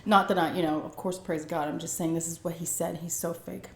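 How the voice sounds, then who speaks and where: A woman's voice: on the low side, fairly even intonation, brisk. A woman vlogger telling a personal story in a casual, chatty way, with many "like" and "um" fillers. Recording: echoey room.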